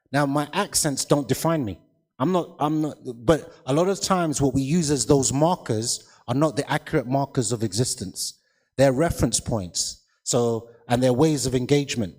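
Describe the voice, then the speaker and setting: A man speaks on a literary festival panel, emphatic and given to repeating himself as he builds a point. His mid-pitched voice rings out with a long hall reverb, as if from a large room. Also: darkish tone. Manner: emphatic, repeats words, asks "does that make sense?". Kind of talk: panel discussion talk.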